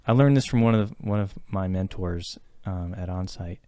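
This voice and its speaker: A man with a fairly low voice talks earnestly on a podcast, circling his thoughts with fillers and restarts. The sound is dry and close, with no room around it. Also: normal speed, dark tone, clear, resonant tone, no room sound. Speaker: podcast co-host talking about therapy. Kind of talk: casual podcast conversation.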